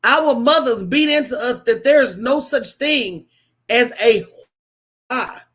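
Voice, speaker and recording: Slow-talking woman preaching to viewers. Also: fairly high pitch, husky. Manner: animated, preachy storytelling with call-and-response asides. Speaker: host. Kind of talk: casual livestream talk.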